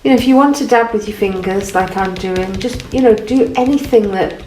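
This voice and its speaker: A woman gently guiding an art lesson while she paints, encouraging and thinking aloud. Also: mid-range voice, moderate pace. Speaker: art teacher. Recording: roomy, from off the mic, faint noise.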